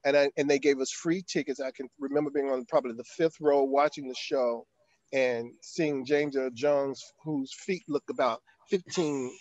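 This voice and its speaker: A man's voice: mid-range voice, steady tone, normal speed, darkish tone, dry recording, muffled recording. An older man, an actor, telling a long anecdote in an interview, acting out quotes and using frequent fillers. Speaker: actor guest. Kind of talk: storytelling in an interview.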